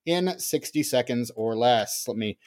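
Podcast dude cracking jokes, lots of ums and likes, talks into a podcast mic. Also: male voice, medium pitch, animated, a little slow, darkish tone. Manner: joking, rambling with many fillers. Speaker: podcast co-host. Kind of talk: casual chat.

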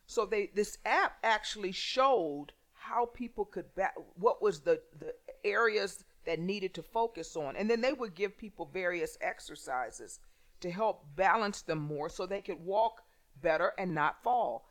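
A woman talks through workplace stories in a loose conversational way. She stops and restarts her sentences often, and her pitch sits in a middle range. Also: expressive. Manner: halting, many restarts. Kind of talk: conversational storytelling.

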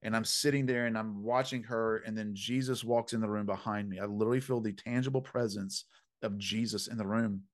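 A man telling a story as an interview guest, animated and emphatic, with punchy slang and preacherly phrasing. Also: lowish voice, brisk. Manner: preacherly, faith-filled phrasing. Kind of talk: conversational storytelling.

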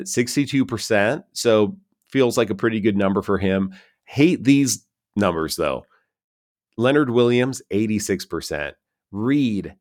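Low-voiced man reading football stats. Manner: loose and self-mocking, reads stats in quick lists. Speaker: podcast co-host. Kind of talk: casual sports podcast chat.

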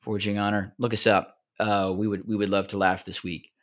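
A man's voice: fairly low pitch, little pitch movement, brisk, a bit bright. A man co-hosting a podcast, telling jokes in casual chat with lots of fillers and restarts. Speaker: podcast co-host.

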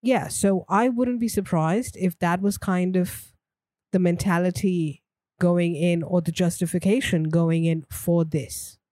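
A woman co-hosting a podcast, her voice low and mellow. She talks things through in a thoughtful, easygoing way and laughs easily. The sound is dry and close. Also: fairly even intonation, unhurried, dry recording. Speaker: podcast co-host. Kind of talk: casual chat.

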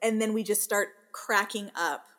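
A woman in her thirties, a working mother and podcast guest, telling family stories in a lively way and laughing as she talks. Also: mid-range voice, moderate pace. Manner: animated storyteller, laughs while talking. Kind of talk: casual interview chat.

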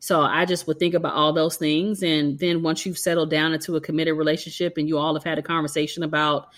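A woman co-hosting a podcast, explaining health advice in a measured way and chatting casually. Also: deep voice, little pitch movement, fairly bright tone. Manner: measured, advisory. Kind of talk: casual chat.

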